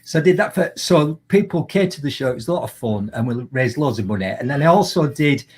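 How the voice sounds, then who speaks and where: A man with a Yorkshire accent, chatting as a guest in a live video call and telling lively, animated anecdotes. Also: medium pitch, quick pace, breathy edge. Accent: Yorkshire English. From Yorkshire, England. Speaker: guest, motivational speaker. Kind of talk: casual storytelling in a live video chat.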